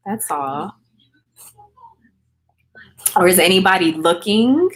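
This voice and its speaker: A woman's voice: lowish voice, expressive, slow pace, long pauses. A woman in her thirties with an American accent, casually chatting with viewers on a livestream, greeting them by name and answering their comments. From grew up in England on a US military base. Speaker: livestream host.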